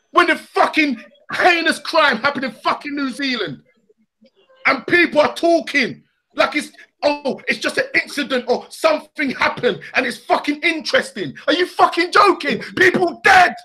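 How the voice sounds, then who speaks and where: An angry man vents on a live stream, his voice climbing very high as he shouts. He swears freely and fires rhetorical questions at his critics. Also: expressive, moderate pace. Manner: furious, profane, shouting rant.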